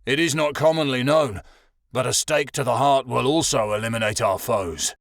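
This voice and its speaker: A man voicing a raspy, menacing vampire-wolf beast. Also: medium pitch, moderate pace, no room sound, clean studio sound, close to an everyday voice. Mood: grave. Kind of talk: audiobook character voice.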